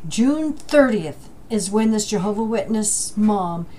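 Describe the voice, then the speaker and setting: A middle-aged woman vlogging from home, speaking emotionally and haltingly and apologizing as she goes. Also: mid-range voice, animated, warm tone, a little hiss or hum. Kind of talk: emotional commentary vlog. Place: home with a dryer running. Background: a dryer running.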